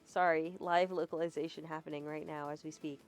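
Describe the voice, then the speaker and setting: A woman's voice: sits low, flat delivery, a little fast. A woman streamer casually live-translating a game, with chatty, laughing asides. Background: game music.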